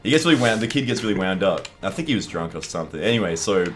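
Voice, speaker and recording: Young Australian co-host, low-voiced and rapid, animated swearing storyteller. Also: male voice, slight background noise. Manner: animated, swearing, acts out voices in his stories. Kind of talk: casual gaming chat, storytelling.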